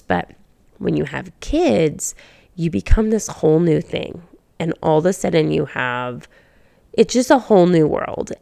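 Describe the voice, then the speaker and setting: Low gravelly woman in her 30s, chatty podcast host, laughs a lot, dry close sound. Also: no echo. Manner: giggly, rambling with many restarts. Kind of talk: casual faith podcast chat.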